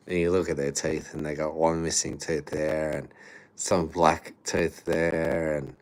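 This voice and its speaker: Low, slow man chatting laid-back. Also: level tone. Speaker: livestreamer. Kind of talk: casual livestream chat.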